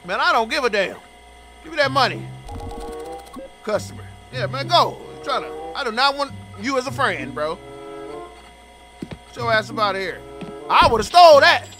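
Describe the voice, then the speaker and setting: A young man doing comedic game commentary, loudly roasting the characters in slang. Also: very high-pitched, very animated, normal speed, pauses often, faint music behind. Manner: loud trash-talking, roasting characters in slang. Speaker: gaming streamer.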